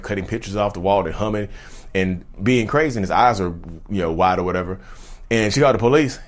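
Man, rapid casual storyteller, lowish voice, loops back and repeats himself. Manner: rambling, repeats phrases, talks straight to listeners.

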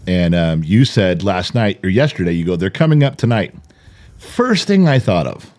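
A man's voice: low voice, normal speed. An older man co-hosting a casual podcast chat, telling stories with jokes and playful mock voices. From California. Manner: joking, animated storyteller with mock impressions. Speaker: podcast co-host.

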